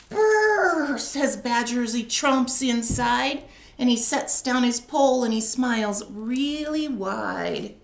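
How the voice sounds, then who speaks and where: A woman librarian reading a picture book aloud to young children with an expressive read-aloud delivery, then chatting with them. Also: a little high, slow pace, creaky. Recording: echoey room, faint noise.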